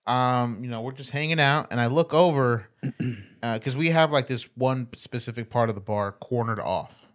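A man's voice: medium pitch, moderate pace. A man casually telling a rambling bar story on a podcast, swearing freely and laughing as he goes.

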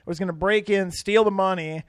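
A man's voice: high voice, steady tone, normal speed, no echo. A young man co-hosting a podcast, teasing and pushing back skeptically in casual chat. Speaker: podcast co-host.

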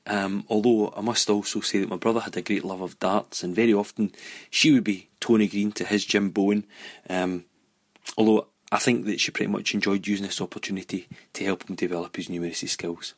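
A Scottish man telling an animated personal story about his family. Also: on the low side, no room sound. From Scotland.

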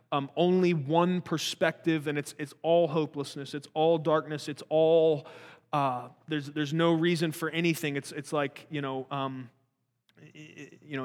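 A man's voice: fairly high pitch, a bit bright, in a large hall. A man giving a conversational Bible teaching, earnest and talky, with frequent restarts and rhetorical questions.

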